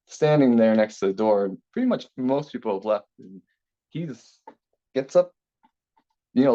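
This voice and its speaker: A young man telling a story from his school days in a relaxed interview, talking casually with many fillers and restarts. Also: fairly low pitch. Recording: slightly dull lo-fi sound.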